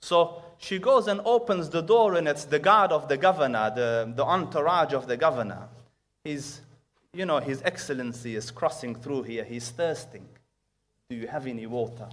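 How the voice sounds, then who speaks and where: A man preaching a sermon, telling a story with big swings from loud to hushed and quick bursts of Arabic recitation. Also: medium pitch.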